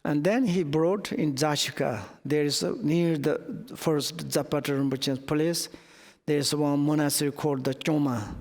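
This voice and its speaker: Teacher in a reverberant hall. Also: male voice, on the high side. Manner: halting non-native English, many restarts. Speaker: Buddhist teacher. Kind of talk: dharma teaching told as a story.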